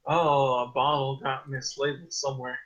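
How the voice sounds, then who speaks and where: A man's voice: mid-range voice, little pitch movement, normal speed, fairly bright tone, muffled recording. A man chatting casually on a stream, blunt and swearing. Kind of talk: casual group chat.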